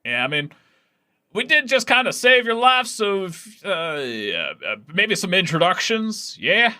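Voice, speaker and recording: A man's voice: sits high, big pitch swings, measured pace, pushed and bright, clean tone, voice pushed up, exaggerated voice. A man voicing an offhand, cocky penguin person in a raised voice. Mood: smug.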